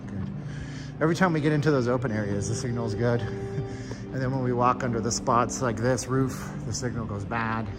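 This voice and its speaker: A man's voice: mid-range voice, fairly quick, loud music behind the voice. A man live-streaming a walking tour of a shopping mall, rambling along with joking asides. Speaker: vlogger. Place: inside a large shopping mall. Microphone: phone held while walking.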